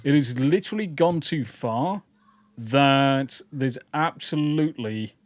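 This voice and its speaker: A man's voice: mid-range voice, slow pace, no room sound. Sweary blunt man ranting. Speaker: podcast host. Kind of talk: casual podcast chat reading live chat.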